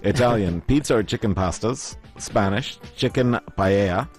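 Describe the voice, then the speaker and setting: A man's voice: on the low side, normal speed, a little mellow, faint music behind. A man from Oman co-hosting a casual chat, telling stories and acting out what people said. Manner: storytelling, puts on voices when quoting people. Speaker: podcast co-host.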